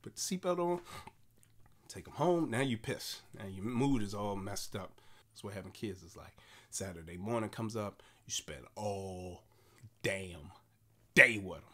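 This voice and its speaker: A man in his forties, a comedian delivering an animated, repetitive monologue. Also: fairly low pitch, a little slow, slight background noise. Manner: animated storytelling with repeated phrases.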